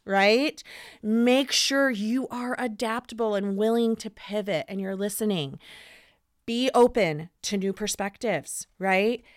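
Slow, smooth-voiced woman podcast co-host. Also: fairly high pitch. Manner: brisk list-giving, direct. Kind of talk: casual podcast chat.

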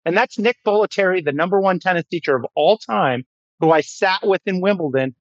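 A man's voice: high voice, a little fast, dry recording, muffled recording. A man, a fitness guest on a podcast, chatting emphatically and telling stories with energy. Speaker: guest, fitness system founder. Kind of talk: casual podcast chat, storytelling.

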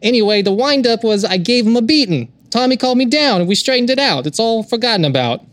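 A man's voice: very high-pitched, lively intonation, fast, pitched above the performer's own voice. A man putting on a brash Boston tough guy. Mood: defensive. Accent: Boston, put on.

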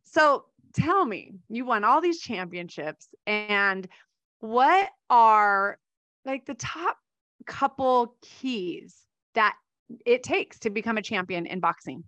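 A woman's voice: a little high, expressive, slow pace, fairly bright tone, no echo. A middle-aged woman hosting a podcast, chatting casually with her guest, laughing often and saying "like" a lot. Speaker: podcast host. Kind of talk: casual interview chat.

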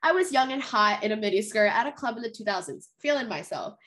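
A woman's voice: fairly high pitch, lively intonation, fast talker, a bit bright. A woman co-hosting a podcast, telling her own stories in candid, self-deprecating casual chat. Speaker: podcast co-host.

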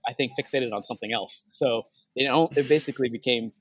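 A man's voice: mid-range voice, fast, slightly rough, no room sound. A young man hosting a casual podcast chat, telling stories with laughs along the way. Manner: laughing, animated storytelling. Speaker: podcast host.

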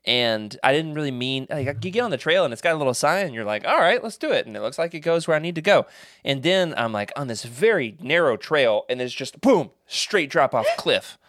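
Rambling, animated male podcast host. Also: medium pitch, brisk, dry recording, studio quality. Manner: rambling anecdotes with restarts and animated quoted voices. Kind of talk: casual chat.

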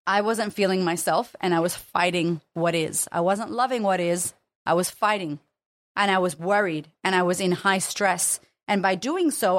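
A woman's voice: mid-range voice, no echo. A woman hosting her own podcast as a confidence coach, talking frankly and emotionally and swearing freely. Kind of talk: candid solo podcast monologue.

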